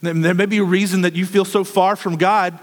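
A man's voice: sits high, little pitch movement, brisk, in a large hall. A male preacher giving an earnest, pleading sermon full of repeated questions.

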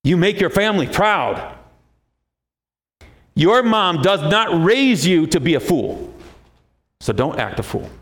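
A man preaching a sermon, emphatic, rising often to a high, forceful pitch. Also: sing-song, slow pace, long pauses. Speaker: pastor.

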